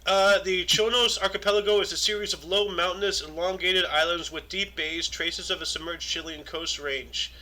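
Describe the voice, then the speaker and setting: High bright-voiced dude, wry and teasing, reads stuff off in a chill chat. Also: male voice, steady tone, moderate pace, few pauses, poor audio. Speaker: co-host. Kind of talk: casual chat.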